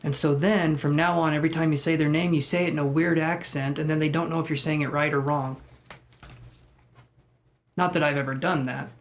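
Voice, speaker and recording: A man's voice: fairly high pitch, steady tone, brisk. A man live-streaming tarot readings, chatting with viewers in a joking, self-deprecating way. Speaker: tarot reader.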